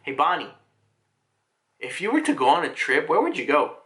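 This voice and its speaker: A man voicing a big, gentle father who dotes on his little daughter, speaking softly and fondly. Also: a little high, sing-song, normal speed.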